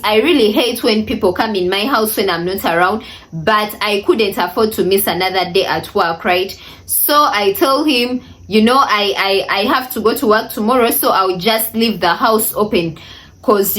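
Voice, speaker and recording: A young woman telling a storytime vlog to her viewers, animated and indignant, repeating phrases for emphasis. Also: medium pitch, normal speed. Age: young adult. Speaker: vlogger.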